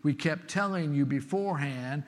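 A man preaching, his voice a touch higher than most. He reads scripture aloud and comments on it earnestly and with emphasis. A long reverb trails every phrase, as in a large hall. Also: normal speed. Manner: earnest, emphatic reading with occasional fillers.

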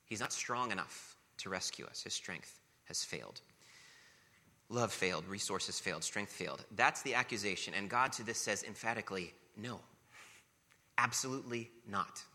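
A man's voice: on the low side, animated, normal speed, sharp tone. A man preaching a sermon as pastor, earnest and emphatic, building points through rhetorical questions and repetition. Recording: long reverb of a large hall.

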